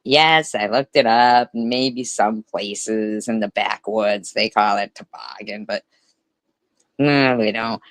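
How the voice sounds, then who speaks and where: A man talks over a clip with heavy sarcasm, mocking and swearing often. He speaks slowly and deliberately. His voice is recorded dry and close, with no room sound. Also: lowish voice, a bit bright, dry recording, rough recording. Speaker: commentary host. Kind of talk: profane reaction commentary.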